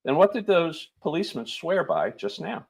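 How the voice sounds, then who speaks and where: A man voicing a stolid young male Highlander who answers in a flat, cold and deadly literal way. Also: moderate pace, creaky, slightly rough, exaggerated voice. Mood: solemn.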